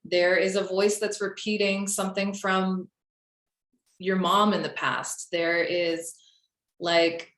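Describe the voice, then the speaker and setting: A young woman coaching listeners on confidence in a casual, chatty way, full of "um" and "like.". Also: lowish voice. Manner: chatty, lots of fillers like "um" and "like". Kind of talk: casual spoken teaching. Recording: echoey room.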